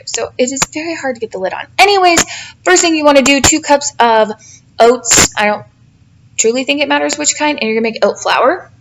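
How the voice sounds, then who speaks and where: A tired mom in her thirties talks through her dinner in a loose, chatty voice-over, full of fillers and little jokes at her own expense. Her voice has a gravelly fry, and a faint hiss sits under it. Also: fairly high pitch. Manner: chatty, self-deprecating, rambling with fillers. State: tired, yawning. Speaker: cooking vlogger, mother. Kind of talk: casual cooking voice-over. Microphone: home voice-over mic.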